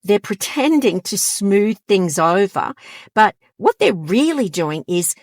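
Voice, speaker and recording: A woman's voice: medium pitch, big pitch swings, slow pace, dry recording, clean studio sound. A woman counsellor talking directly to her audience in an emphatic advice monologue, sometimes acting out quoted lines. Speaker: counsellor and channel host.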